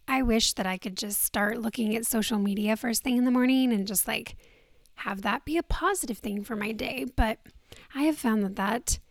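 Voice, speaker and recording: A woman with a slightly high voice hosts her podcast in easygoing talk, still in her groggy morning voice. She keeps it soft, often sinking to a breathy near-whisper into a handheld mic. The sound is dry and close, with no room echo. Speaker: podcast host. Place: indoors on vacation. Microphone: handheld microphone.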